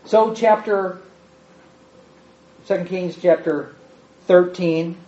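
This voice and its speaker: A high-voiced man preaching a sermon, acting out quoted speech with sudden jumps up and drops to a hush. The recording is dull and lo-fi, with the top end muffled. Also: slow. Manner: animated, acts out quotes with big swings in pitch and loudness.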